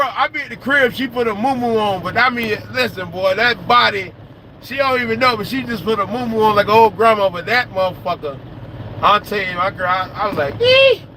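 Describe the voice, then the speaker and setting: A man who vlogs about trucking, talking casually and profanely to his viewers, animated and repeating lines for emphasis. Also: high-pitched. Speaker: trucker vlogger. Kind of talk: casual outdoor talk to viewers. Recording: noisy outdoor recording.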